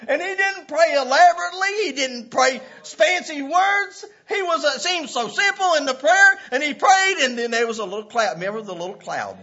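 A man preaching a sermon with passion, often breaking into shouts and laughs. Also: extremely high pitch, lively intonation, moderate pace, hardly any pauses. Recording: dull lo-fi recording.

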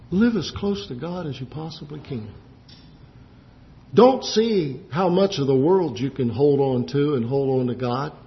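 A man preaching a sermon, climbing to impassioned, emphatic peaks. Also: fairly high pitch. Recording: dull lo-fi recording.

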